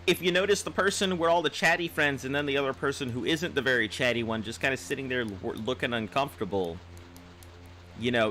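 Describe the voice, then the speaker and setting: A man's voice: mid-range voice, bright, forceful tone. A man streaming a game and chatting casually, rambling and restarting his phrases as he gives advice and reads viewer comments aloud. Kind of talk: casual live-stream chat.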